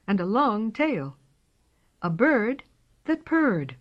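A woman reading a storybook aloud in a slow, expressive way. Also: mid-range voice. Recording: dull lo-fi recording.

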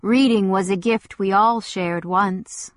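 A stern lord speaks with cold, clipped control, as a woman reader voices him. His words come slow and measured. The sound is dry and close. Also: mid-range voice, steady tone, no echo, lightly acted. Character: stern older male lord, mild turning coldly angry.

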